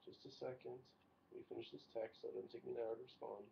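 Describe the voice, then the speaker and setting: A man's voice: mid-range voice, flat delivery, fast talker, vocal fry. Man, playful co-host, casual jokey banter; dull lo-fi stream sound with faint hiss. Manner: joking, playful, mock-formal reading. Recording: lo-fi stream audio with faint noise.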